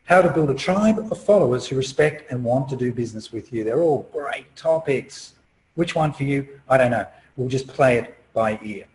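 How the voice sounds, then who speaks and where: A man's voice: mid-range voice, animated, moderate pace, a little mellow, poor audio. A middle-aged man hosting a webinar as a marketing coach, chatty and persuasive, often asking his listeners rhetorical questions. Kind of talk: webinar sales pitch.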